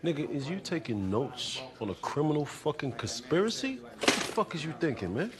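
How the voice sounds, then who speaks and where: An exasperated scolding friend. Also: male voice, fairly high pitch, very animated, normal speed. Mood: incredulous. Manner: incredulous, profane scolding. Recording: noisy clip from a TV drama.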